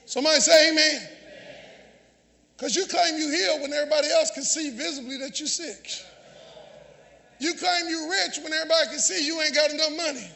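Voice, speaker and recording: A man preaching a sermon, shouting call-and-response lines to his congregation and often repeating or restarting phrases. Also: very high-pitched, fairly quick, vocal fry, pauses often. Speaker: pastor. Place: large church sanctuary. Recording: long church reverb, faint congregation.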